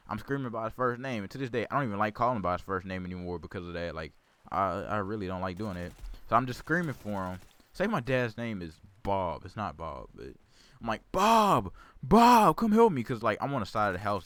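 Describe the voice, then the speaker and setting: A man's voice: low-pitched, pushed and bright, clean tone, no echo. A man telling a childhood story in casual gameplay commentary, rambling and repeating himself. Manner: rambling, repeats words, self-corrects. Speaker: gaming channel host.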